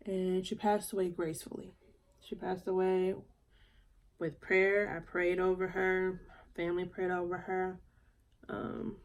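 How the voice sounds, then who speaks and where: A woman, chatting casually while doing her makeup for a vlog, soft-spoken and halting as she talks through grief. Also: fairly low pitch, creaky. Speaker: beauty vlogger. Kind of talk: casual get-ready-with-me chat.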